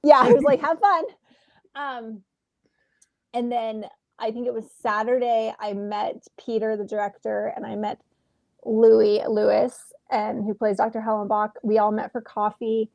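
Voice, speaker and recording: Creaky-voiced woman telling a story. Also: a little high, unhurried, no room sound, lo-fi sound. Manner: animated, acts out quoted exchanges. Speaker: actress guest. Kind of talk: casual interview storytelling. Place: home.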